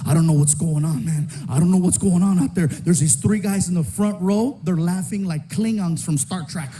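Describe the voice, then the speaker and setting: A man voicing a rattled fellow comedian, loud and urgent as he confides backstage. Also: high-pitched, normal speed, pitched below the performer's own voice, close to an everyday voice.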